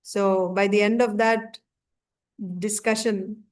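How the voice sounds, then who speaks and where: Speaking slowly in a medium pitch, a scripture class teacher retells a story in a conversational style. She leans on frequent fillers and animates it with lively quoted asides.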